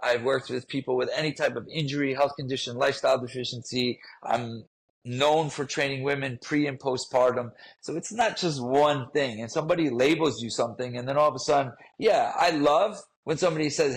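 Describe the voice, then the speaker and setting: A man's voice: medium pitch, a little fast, husky, rough recording. A man telling a personal story in a podcast interview, earnest and emotional, often repeating himself. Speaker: guest, fitness trainer.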